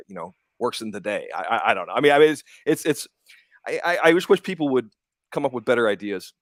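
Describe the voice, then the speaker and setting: A man's voice: mid-range voice, a bit bright, no echo. A man, a comics writer and publisher, talking candidly in a casual interview with frequent restarts and some swearing. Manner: candid, profane, stumbling restarts.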